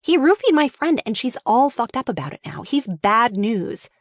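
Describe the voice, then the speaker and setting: Reading from a script, a woman voices a young woman who shares grim gossip in a matter-of-fact way. Her voice sits on the high side, above her natural pitch, with big pitch swings at a moderate pace, recorded at studio quality without room sound.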